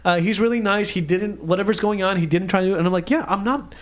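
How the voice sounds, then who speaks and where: A man's voice: high-pitched, quick pace. A man co-hosting a casual podcast, telling a story with lots of swearing and acted-out quotes. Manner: animated, acts out quotes, swears a lot. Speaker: podcast co-host.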